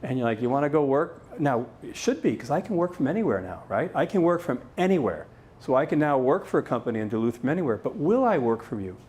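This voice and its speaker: A man's voice: on the high side, a little mellow. A middle-aged man giving a live conference talk as keynote speaker, with playful joking asides to the audience.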